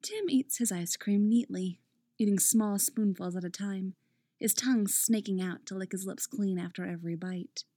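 A woman narrating a story aloud in an expressive, playful manner. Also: medium pitch, moderate pace, no echo, clean studio sound. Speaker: reader. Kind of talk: audiobook narration of fan fiction.

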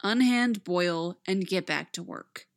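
A woman reading fan fiction aloud, voicing a stern, stately man, a police captain, speaking slowly, flatly and commandingly. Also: fairly low pitch, vocal fry. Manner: slow, flat, commanding.

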